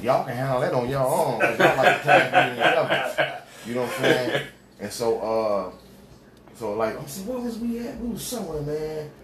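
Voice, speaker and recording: With an expressive, medium-pitched voice, a man tells a long, rambling story in casual conversation, leaning hard on street slang and acting out what people said. His delivery halts often with fillers and restarts. The echoey room carries background noise, including a crowd.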